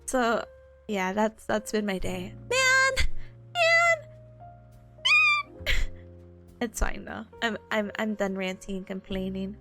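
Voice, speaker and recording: A woman's voice: medium pitch, little pitch movement, moderate pace. A young adult woman streaming and chatting casually with her viewers, rambling and laughing often between emotional asides. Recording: faint music behind the voice.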